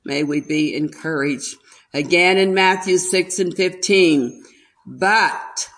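A woman preaching a sermon slowly and emphatically, an older speaker. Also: fairly low pitch, fairly bright tone.

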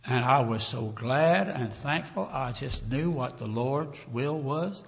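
A man preaching a sermon with emotion, calling his listeners "dear ones" and swinging from hushed talk to loud cries. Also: mid-range voice, expressive, slow, creaky. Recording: dull lo-fi recording, long hall reverb.

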